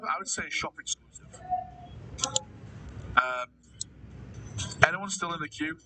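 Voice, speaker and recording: A man's voice: a little high, expressive, normal speed, pauses often, bright, forceful tone, recorded from a distance, slight background noise, poor audio. A man chatting casually on a livestream, answering viewers, calling them mate and swearing freely. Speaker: livestreamer reading chat.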